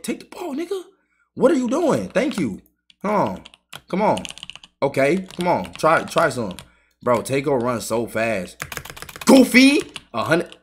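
Excitable trash-talking gamer man. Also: mid-range voice, a little hiss or hum. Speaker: gaming YouTuber. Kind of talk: live gameplay commentary.

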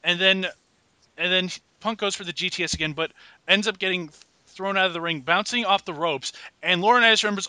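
A man with a very bright, forward voice hosts a wrestling podcast and walks through match action step by step. His remarks are dry and sarcastic, and his voice sits a little high and close to the mic. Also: brisk, no echo. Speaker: podcast host. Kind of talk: casual wrestling recap chat.

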